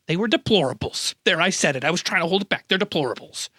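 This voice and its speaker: A high, bright male voice that leaps all over the place, delivering comedic news commentary with sarcasm and theatrical mock outrage. The sound is very dry and close, with no room around it. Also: animated, fast talker, dry recording. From American Midwest. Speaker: news host.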